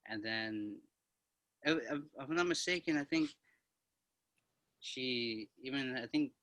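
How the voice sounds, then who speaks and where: A young man telling a dream story in a rambling, laid-back way, filling his talk with "like", and a little high. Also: takes it slowly, a bit bright, dry recording. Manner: rambling, full of "like", a bit high. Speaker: guest. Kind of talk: casual storytelling.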